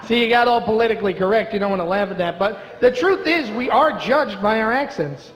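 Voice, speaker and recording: A high-pitched, expressive man from Brooklyn does a fairly quick stand-up set on a comedy club stage, chatting sarcastically and needling the audience. The highs are cut off, and the live club recording is reverberant with audience noise.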